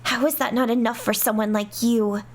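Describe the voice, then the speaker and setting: A woman voicing a haughty, possessive young princess in a fan dub of game dialogue, commanding and prone to shrill outbursts. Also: steady tone, moderate pace, background noise, lightly acted. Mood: wounded, demanding.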